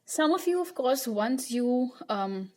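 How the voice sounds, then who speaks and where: A woman's voice: high-pitched, expressive, slow, darkish tone. A young woman giving a pick-a-card tarot reading to her viewers in a chatty, reassuring way. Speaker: tarot reader.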